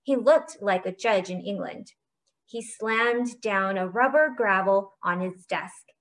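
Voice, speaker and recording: A woman's voice: medium pitch, takes it slowly, a bit bright. A woman narrating a children's novel aloud for a library book club.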